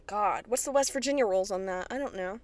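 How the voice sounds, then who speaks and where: A woman's voice: medium pitch, quick pace, no room sound. Host chatty, cursing young woman from Kentucky, dry sound. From Kentucky, USA. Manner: chatty, profane, excitable retelling. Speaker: podcast host. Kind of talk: casual TV episode recap.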